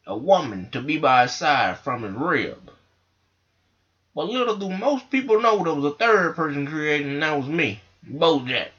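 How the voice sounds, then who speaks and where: A man's voice: on the high side, sharp tone, highs cut off. A man telling a rambling, profane comic story into a microphone. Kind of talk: comedic monologue.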